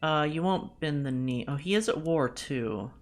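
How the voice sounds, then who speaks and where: A woman streamer giving live commentary as she plays, chatty and thinking out loud, with jokey self-deprecating asides. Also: sits low, animated, moderate pace. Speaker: VTuber streamer.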